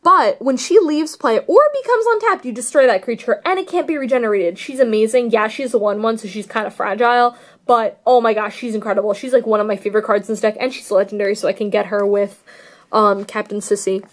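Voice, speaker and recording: A woman's voice: a little high, brisk. Gushing young woman vlogger. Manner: gushing, rambling, filler-heavy. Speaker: card game vlogger. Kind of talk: casual deck tech chat.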